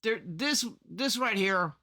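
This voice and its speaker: A man's voice: sits high, animated, takes it slowly. A man casually walking through his audio recording setup in a rambling screen-recorded tutorial, restarting sentences as he goes. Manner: rambling, restarts often, demonstrates his loudness levels. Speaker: content creator explaining audio setup.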